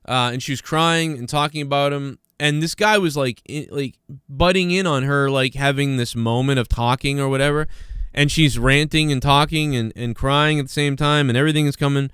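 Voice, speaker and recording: Speaking at normal speed with a medium-pitched, slightly bright and clean tone, a man runs a livestream in an echo-free studio. His talk wanders casually, often restarting and padded with fillers, and he gets sarcastic and mocking while going through the chat.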